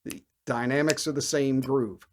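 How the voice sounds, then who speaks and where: Man, bass lesson host, energetic explainer, scats riffs, counts beats, average pitch. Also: normal speed, heavy background noise. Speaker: bass teacher. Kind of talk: instructional video lesson.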